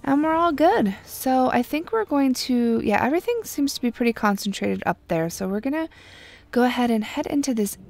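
A young woman casually commenting on her gameplay, chatty and wry, sometimes dropping to a quiet murmur. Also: high-pitched, lively intonation, normal speed, vocal fry. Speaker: gameplay video host. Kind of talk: casual let's-play commentary.

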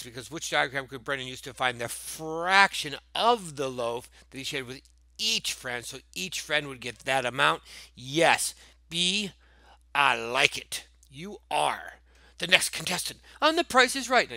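Playful bright-voiced male teacher. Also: medium pitch, no room sound. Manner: playful, jokey, talks to the answer choices. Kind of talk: casual math lesson walkthrough.

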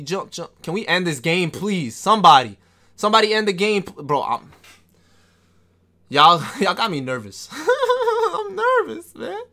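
A man streaming a basketball video game live, talking fast and loose to his chat, excitable and quick to yell or laugh. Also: mid-range voice. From New York. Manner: excitable, trash-talking, bursts into yelling and laughter. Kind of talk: live gameplay commentary.

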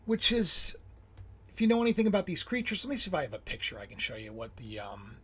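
Male livestream host with a high, husky voice. Rambling and excitable, keeps breaking off mid-sentence. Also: fast talker. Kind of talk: casual livestream talk on Bible symbolism.

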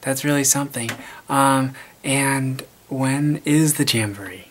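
A man in a comic character sketch plays a makeshift school reporter. His delivery is halting and awkward, with stops, fillers and apologies, at an ordinary middle pitch. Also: a little hiss or hum. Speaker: mock school newspaper reporter.

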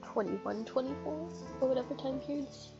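Mujer bromista comentando un videojuego. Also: female voice, sits high, moderate pace, creaky. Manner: amused, joking asides. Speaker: let's player. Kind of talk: casual gameplay commentary, reading game text aloud. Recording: muffled with game music behind.

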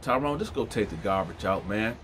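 A man's voice: on the low side, animated, fairly quick, fairly bright tone, a little hiss or hum. Man doing a weary fed-up mother. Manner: weary, scolding. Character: tired middle-aged mother, fed up.

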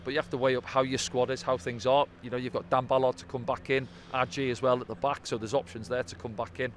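Outdoors, with faint traffic noise in the background, a man chats quickly about a football match he's breaking down. His mid-range voice stays level, and as a pundit he keeps it conversational, slipping in tags like "didn't they?".

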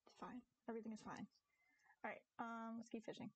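A young woman chatting casually on a live game stream, giggly and animated, talking to her viewers and her cat. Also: on the high side, fast talker, poor audio. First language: English. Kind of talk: casual live-stream chat while gaming.

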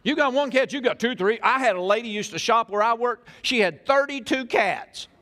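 A man's voice: extremely high pitch, lively intonation, normal speed, pushed and bright. An older man, preaching a sermon in a church in a folksy storytelling way full of questions to the crowd. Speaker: pastor.

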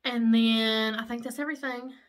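A woman, chatting excitedly while doing her makeup in a casual vlog, gushing and chatty. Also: on the high side, normal speed. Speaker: makeup vlogger. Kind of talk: casual get-ready-with-me chat.

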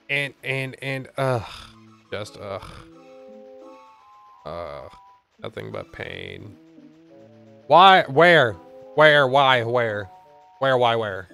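Young man, let's play host, sweary, exasperated, mid-pitched voice. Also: fairly bright tone. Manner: profane, exasperated. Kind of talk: gameplay commentary.

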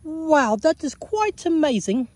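A man voicing a curious, gentle female cow in a high, hesitant put-on voice. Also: big pitch swings, a little slow, no echo, exaggerated voice. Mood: wondering.

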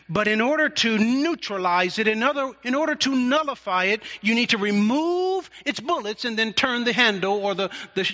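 A man preaching an expository sermon as pastor, deliberate and emphatic, stretching out key words. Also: sits high, sharp tone. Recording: dull lo-fi sound with long hall reverb.

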